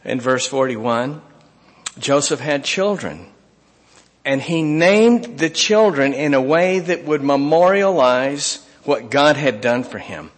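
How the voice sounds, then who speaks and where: Expressive preacher in a reverberant hall. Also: male voice, mid-range voice, slow. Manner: expressive preaching, reads scripture aloud, swings from emphatic to hushed. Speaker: pastor. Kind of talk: sermon.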